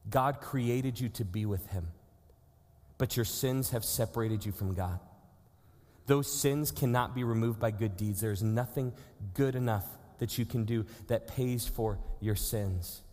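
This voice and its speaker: A man in his thirties preaches in an earnest, conversational way, mid-pitched and steady. His voice carries a long reverb, as if from a church sanctuary. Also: unhurried. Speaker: pastor. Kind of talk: sermon.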